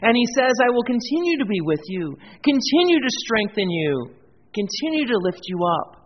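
A male pastor preaching a sermon, lifting his voice on scripture quotes and dropping low for quiet asides. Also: sing-song, moderate pace. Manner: earnest preaching, swells in volume on scripture quotes; drops to a quiet, low aside for self-deprecating remarks. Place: church. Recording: dull, lo-fi sound in a reverberant church hall with faint noise.

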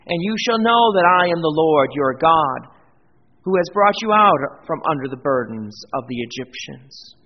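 A male pastor preaching a sermon, lifting his voice on scripture quotes and dropping low for quiet asides. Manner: earnest preaching, swells in volume on scripture quotes; drops to a quiet, low aside for self-deprecating remarks. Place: church. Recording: dull, lo-fi sound in a reverberant church hall with faint noise.

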